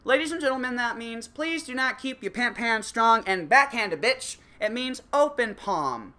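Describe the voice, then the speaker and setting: A man rants in a crude comic monologue, cursing freely and dripping with sarcasm. His bright tone carries a lively, swinging pitch. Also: moderate pace. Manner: crude, sarcastic, swears constantly. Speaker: comedic ranter. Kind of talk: profane comedic monologue.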